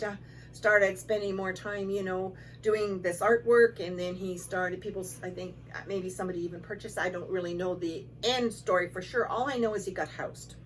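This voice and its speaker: Woman, shelter director, casual storytelling, distant mic, faint room noise. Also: mid-range voice. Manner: conversational, relaxed, with fillers and quoted dialogue.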